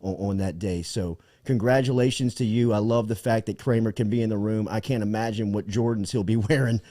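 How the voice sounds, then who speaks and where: A man's voice: on the low side, steady tone, fairly quick, dark tone, dry recording. A man hosting a sports talk show, enthusiastic and jokey in a casual chat. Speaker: radio show host.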